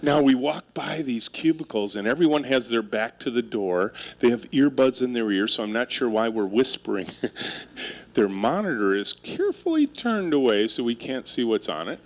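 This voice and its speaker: Man, middle-aged, keynote speaker, lively swooping pitch, wry storytelling, quizzes the audience, live stage talk. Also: normal speed. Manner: animated storytelling with audience interaction; wry, self-mocking humor. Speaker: keynote speaker and company leader. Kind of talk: humorous keynote speech.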